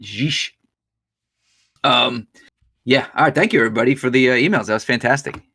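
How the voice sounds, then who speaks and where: A man's voice: medium pitch, moderate pace, pushed and bright, slightly rough. A man hosting a podcast, telling a story in casual chat, swearing freely. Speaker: podcast host.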